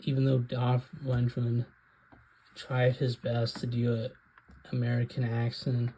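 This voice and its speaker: A man's voice: medium pitch, completely flat delivery, unhurried, warm tone, a little hiss or hum, poor audio. A man hosting his own video, giving a casual, rambling rant about films with frequent hesitations. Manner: rambling, hesitant, many ums. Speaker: video host.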